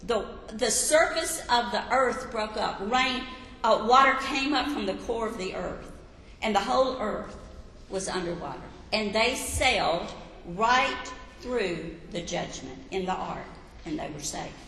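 A woman preaching a sermon, emphatic, rising to loud peaks and telling listeners to write points down. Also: medium pitch, lively intonation, measured pace. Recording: echoey hall with long reverb.

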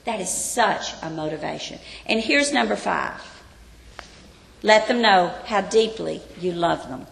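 A woman's voice: on the low side, animated, measured pace, gravelly. A woman Bible teacher giving an earnest sermon, often asking her listeners rhetorical questions. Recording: long reverb of a large hall.

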